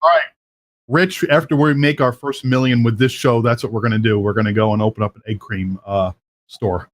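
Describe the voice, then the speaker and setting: A man hosts a live talk show in a loose, jokey way. He laughs often and rambles through restarts at a middling pitch. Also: fairly even intonation, brisk. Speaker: host. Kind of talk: casual chat. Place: South Florida.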